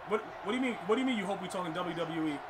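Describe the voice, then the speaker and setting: This young man, a gaming streamer, talks rapid-fire in a high-pitched voice with lively intonation while commentating his own football game match. He's frustrated, ranting and tripping over his words with stammered restarts. Background noise is clearly audible.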